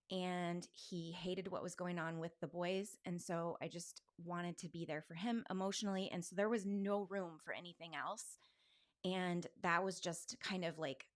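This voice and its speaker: Rambling, candid woman in her forties. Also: lowish voice. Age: 40s. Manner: rambling, self-questioning, leans on "like". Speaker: podcast host. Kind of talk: candid personal monologue.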